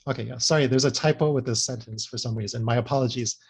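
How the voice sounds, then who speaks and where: A man's voice: medium pitch, fast, husky. A man giving an academic presentation, explaining points earnestly and checking in with frequent "right?" and "you know" tags.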